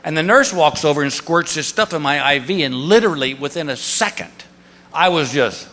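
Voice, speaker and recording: A man's voice: a little high, brisk, noisy background. A middle-aged man doing stand-up, telling a story and acting out the people in it. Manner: animated, acts out the people in his stories. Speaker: stand-up comedian. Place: theater stage before a crowd. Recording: live stage show in a big hall. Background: audience laughter.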